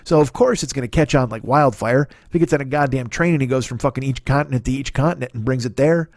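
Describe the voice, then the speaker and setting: A man's voice: medium pitch, fast talker, a little mellow, no echo. A man hosting his own comedy podcast, riffing in a rambling, profane monologue that keeps correcting itself. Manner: profane, digressive, self-correcting.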